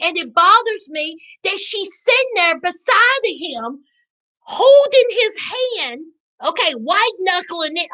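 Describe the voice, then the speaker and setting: A woman hosting a live-stream recap, chatting with her viewers in an animated, preachy way. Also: very high voice. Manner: animated, preachy, Southern slang, addresses chat as y'all. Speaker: reality TV recap host.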